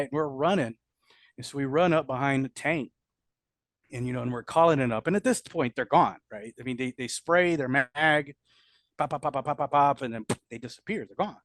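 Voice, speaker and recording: A middle-aged man recounts combat in a blunt, profane way, often stumbling and restarting mid-sentence. His voice sits at an ordinary pitch for a man. The sound is dry and close, with no room echo. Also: normal speed. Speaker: combat veteran interviewee. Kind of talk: candid storytelling interview.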